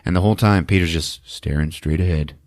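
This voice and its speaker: A man's voice: sits low, fairly quick, a little mellow, dry recording, clean studio sound. A man hosting a podcast, recapping a movie in a loose, profane, chatty way full of fillers. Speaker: podcast host.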